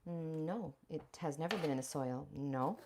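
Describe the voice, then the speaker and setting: Outspoken woman host with a lowish voice, cursing freely as she preps food live in her kitchen, faint hiss behind her. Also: measured pace, darkish tone. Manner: blunt and profane, emphatic; chatty, addresses viewers directly. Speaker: raw vegan lifestyle vlogger. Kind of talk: casual livestream chat while cooking.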